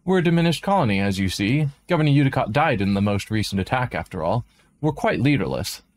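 A man's voice: medium pitch, sing-song, quick pace, slight background noise, close to an everyday voice. A man voicing a nervous colony elder in a game, stammering and placating.

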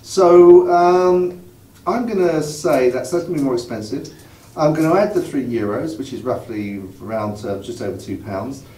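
A man's voice: medium pitch, moderate pace, dark tone. A man co-hosting a wine tasting, with dry humor, working out prices aloud. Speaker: wine show co-host. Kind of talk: casual wine tasting chat. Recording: roomy sound, mic at a distance.

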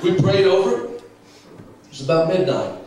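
A man preaches to a congregation, telling a comic story and slipping into the voices of the people in it. His voice sits high and is caught from far off, ringing through a very echoey church. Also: moderate pace, crowd noise. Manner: animated storytelling with acted voices. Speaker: evangelist. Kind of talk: humorous preaching testimony. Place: church sanctuary.

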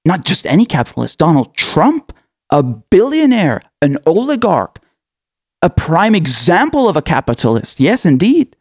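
A man's voice: fairly high pitch, huge pitch swings, normal speed, darkish tone, no echo, clean studio sound. A man giving sarcastic political commentary, mocking and taunting his listeners with rhetorical questions and frequent laughs.

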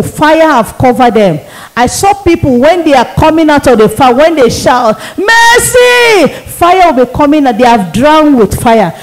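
A Nigerian woman evangelist tells her testimony in a high voice. She preaches earnestly and vividly, and she drives her points home with repetition. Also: darkish tone, rough recording. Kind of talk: testimony sermon.

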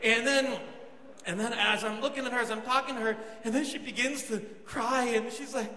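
A man's voice: sits high, moderate pace. A young man, a pastor, telling a self-mocking comic story during a sermon in a large church hall. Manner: animated, self-mocking storytelling with quoted asides. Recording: echoey hall, audience noise.

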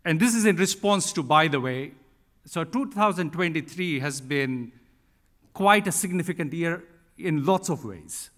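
A man's voice: fairly high pitch, expressive, a bit bright. Middle-aged man giving a keynote in a reverberant hall. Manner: deliberate, with frequent um and uh and emphatic restatements. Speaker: keynote speaker at an industry conference. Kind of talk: conference keynote speech. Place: large conference hall.

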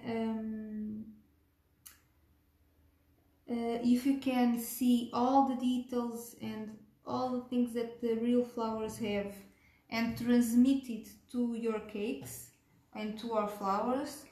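Here a woman's voice sits on the high side as she teaches cake decorating step by step, calm and in no rush. She fills her pauses with small fillers and keeps asking "okay?", and the room has an echo.

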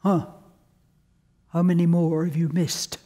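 A man's voice: a little high, flat delivery, slow, long reverb tail, noisy background. Woman voicing a curt male supervisor. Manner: curt, instructing.

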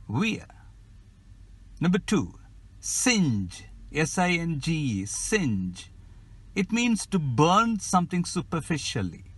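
A man's voice: a little high, a bit bright, no room sound. A man with an Indian English accent teaching English pronunciation in a scripted podcast lesson, spelling words letter by letter. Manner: slow, careful, spells words out.

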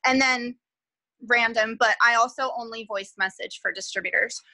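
A woman's voice: on the high side, steady tone, normal speed, bright, forceful tone, dry recording, low-quality recording. A young woman sharing tips in a casual chat, bubbly and full of fillers. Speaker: guest team member sharing tips.

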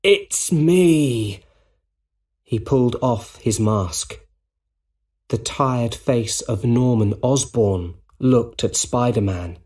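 A man narrating a storybook for English learners, speaking plainly and clearly. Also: mid-range voice, fairly even intonation, warm tone. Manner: slow, plain, clearly spoken.

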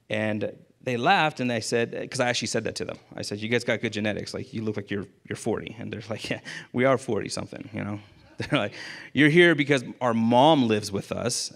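An insurance agent appearing as a guest tells a casual story, candid and lively, acting out the dialogue he quotes. His voice is medium-pitched with some vocal fry.

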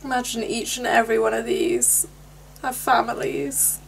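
A woman's voice: on the high side, little pitch movement, normal speed, vocal fry, noisy background. A woman, hosting a movie reaction in a chatty, emotional way, often near tears. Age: 20s. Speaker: YouTube reaction host. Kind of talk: casual chat and movie reaction.

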